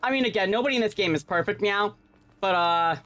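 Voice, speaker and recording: A woman's voice: medium pitch, quick pace, fairly bright tone, no room sound. Woman streamer who ends lines with "meow". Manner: playful and profane, tacks "meow" onto sentences. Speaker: game streamer. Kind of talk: live gameplay commentary.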